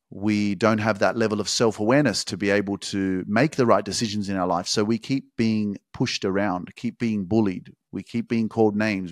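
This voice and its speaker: Low-voiced, intense motivational podcast man. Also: no echo, clean studio sound. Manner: intense, profane, emphatic, drawn-out phrasing. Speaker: podcast host. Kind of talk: motivational monologue.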